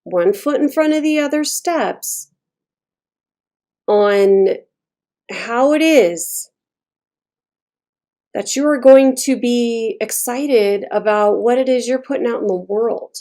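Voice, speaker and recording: Woman, tarot reader, casual, blunt, profane, mellow warm voice. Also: a little high, slow pace, pauses often. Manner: blunt, chatty, swears freely.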